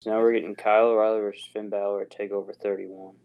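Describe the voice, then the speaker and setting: A man's voice: lowish voice, flat delivery, fast, vocal fry, smooth, lo-fi sound. A man on a podcast in casual chat, giving a rambling play-by-play recap. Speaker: podcast co-host.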